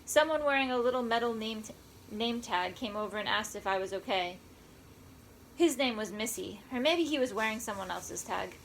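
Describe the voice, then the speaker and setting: A woman reads a first-person story aloud, wry and conversational in tone. Her voice sits fairly high for a woman. A faint background hiss lies under the reading. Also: animated, normal speed, rough recording. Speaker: audiobook narrator.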